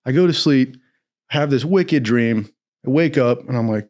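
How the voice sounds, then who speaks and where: A young man telling a rambling, profane story in a casual, animated way, laughing often. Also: medium pitch, moderate pace.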